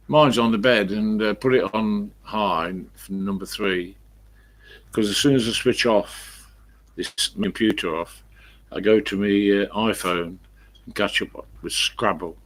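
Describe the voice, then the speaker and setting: Fairly low in pitch yet fairly bright in tone, the man speaks slowly and steadily with long pauses. He has an East Midlands accent, is from England, and rambles through anecdotes to his live-stream viewers at home, leaning away from his desk mic.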